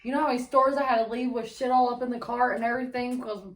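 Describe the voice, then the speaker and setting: A woman's voice: on the high side, fairly even intonation, quick pace, echoey room, low-quality recording. A woman co-hosting a podcast, talking bluntly in casual chat and swearing heavily. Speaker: podcast co-host.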